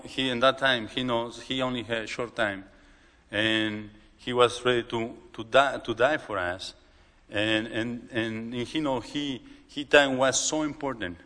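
A man with a Mexican accent, a native Spanish speaker, preaching a sermon in halting English, often repeating and restarting words. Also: medium pitch, pushed and bright. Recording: long hall reverb.

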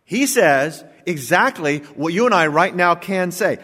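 A man preaches with a slightly raised pitch, pressing his points with rhetorical questions and sudden drops to a hush before building loud again. His voice rings out with a long reverb, as in a large church sanctuary. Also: animated, a little slow, hardly any pauses. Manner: emphatic preaching with rhetorical questions and big swings in loudness. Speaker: pastor. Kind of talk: sermon.

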